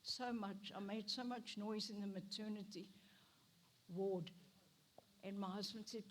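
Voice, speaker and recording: An older woman tells her life story on a church stage. Her voice sits at a middle pitch, with a faint hiss underneath. She is emotional and acts out the words of the people she quotes. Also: steady tone, a little slow, long pauses. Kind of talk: personal testimony on a church stage.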